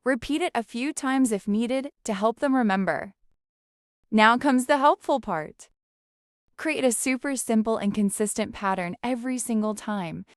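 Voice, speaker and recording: A woman narrating a scripted parenting lesson, calm and measured, guiding step by step. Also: on the high side, no room sound, clean studio sound. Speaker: parenting educator.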